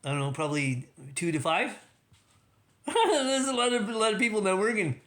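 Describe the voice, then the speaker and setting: Male livestream host, slightly high bright voice, loose rambling delivery, self-amused. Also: big pitch swings, moderate pace. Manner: rambling, many restarts, laughs at own jokes. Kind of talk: rambling casual commentary.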